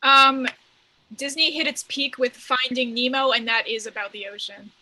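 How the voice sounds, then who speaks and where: A woman's voice: sits high, normal speed, bright, forceful tone, slight background noise, poor audio. A woman playing an improv debate game on a video call, hesitant and full of fillers. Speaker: improv performer.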